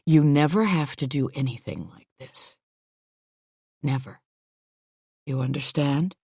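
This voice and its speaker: A woman voicing a gentle, decent male boss. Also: deep voice, lively intonation, slow pace, breathy edge, no echo, clean studio sound, heavily acted. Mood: soothing. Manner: gentle and reassuring, firm when pushed. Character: kindly, decent middle-aged male employer.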